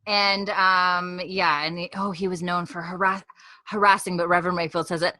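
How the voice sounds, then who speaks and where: A woman's voice: lowish voice, little pitch movement, normal speed, sharp tone, dry recording. A woman co-hosting a podcast, recapping a show in a rambling, giggly way with lots of fillers. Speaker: podcast co-host recapping an episode. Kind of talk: casual chat. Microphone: desk podcast mic.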